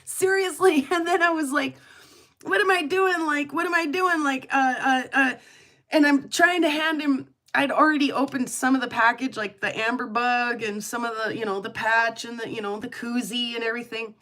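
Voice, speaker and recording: This rock channel host has a steady voice on the high side, pushed and bright, at a moderate pace. She chats casually, gushing and laughing often with lots of fillers.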